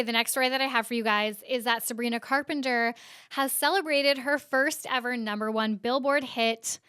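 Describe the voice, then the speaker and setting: A woman's voice: fairly high pitch, fairly bright tone, clean tone, dry recording, clean studio sound. A woman hosting a podcast, recapping internet news in a casual, chatty way full of "like" fillers. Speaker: podcast host.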